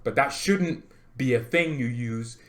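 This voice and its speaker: Excitable man ranting as a football fan. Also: medium pitch, unhurried. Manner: excitable, jokey, laughs often, repeats for emphasis. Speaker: football fan channel host. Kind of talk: animated fan rant to camera.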